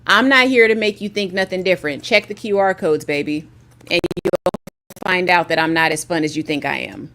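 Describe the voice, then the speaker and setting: A woman's voice: fairly low pitch, normal speed, pushed and bright, slight background noise. A woman guest on a livestreamed panel, speaking candidly and emphatically over a video call, often restarting her sentences. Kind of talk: casual panel discussion.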